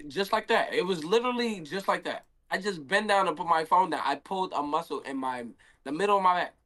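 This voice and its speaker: A man's voice: high voice, expressive, fairly quick, a bit bright. A young man, a handball player, telling a story in a casual stream Q&A and acting out his own quotes.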